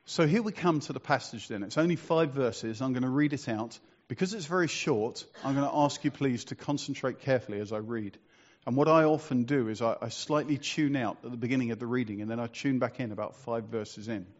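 A man's voice: mid-range voice, fairly quick, hardly any pauses, muffled recording. A man preaching a sermon in a conversational, storytelling way, asking rhetorical questions.

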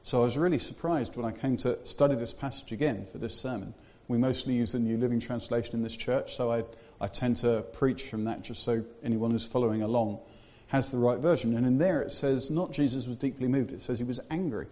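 A man preaching in a church with a mellow, dark voice, easygoing and conversational, full of little asides. The sound is a bit dull and lo-fi. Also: medium pitch, fairly quick, few pauses. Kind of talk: sermon.

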